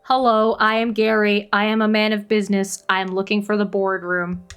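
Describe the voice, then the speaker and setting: A woman doing a monotone corporate businessman. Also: medium pitch, normal speed, clear, resonant tone, soft background music, natural voice. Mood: monotonous. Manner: monotonous, flat corporate delivery. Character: stiff formal businessman, man of business.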